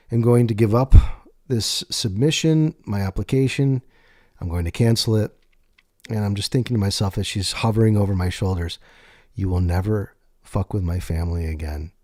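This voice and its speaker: A man telling his own life story in a candid, profane way, slowing down on emphatic words. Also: fairly low pitch, a little mellow, no room sound, clean studio sound. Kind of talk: personal storytelling monologue.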